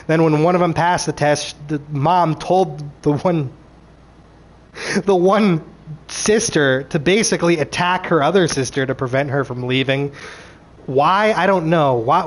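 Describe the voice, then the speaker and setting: A man ranting through a show recap, animated and frustrated, swearing freely and acting out characters' lines. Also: high-pitched. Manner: acts out characters' lines in quick voices.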